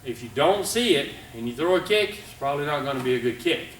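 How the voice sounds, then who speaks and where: A middle-aged man teaching martial arts kicks on video, calling out commands loudly and checking in with "all right?". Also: a little high, animated, fast, a little hiss or hum. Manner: calls out commands loudly and coaches with frequent "all right?" and "okay?". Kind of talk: teaching a kicking class on video.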